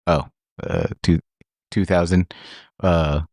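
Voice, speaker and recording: A man's voice: sits low, steady tone, takes it slowly, a little mellow, dry recording, clean studio sound. A man co-hosting a podcast, laid-back and laughing often, hesitating as he searches for names. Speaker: podcast co-host. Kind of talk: casual chat.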